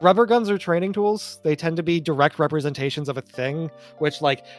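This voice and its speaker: High-voiced man explaining, music under. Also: fairly even intonation, fairly quick. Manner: explains at length, self-deprecating. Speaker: podcast guest. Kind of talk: casual podcast chat.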